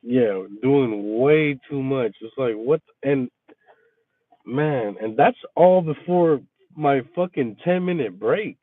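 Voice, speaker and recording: A man telling a casual, profane story about his workday, venting with animated energy. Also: mid-range voice, takes it slowly, no room sound. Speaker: resort maintenance worker chatting with viewers. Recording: tinny phone-like, dry sound.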